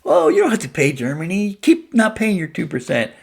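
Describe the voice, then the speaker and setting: A man's voice: high voice, huge pitch swings, brisk, creaky, darkish tone, slightly rough, pitched above the performer's own voice, heavily acted. A man putting on a meek, whiny voice to mock a pushover who lets others off paying. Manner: mocking, simpering.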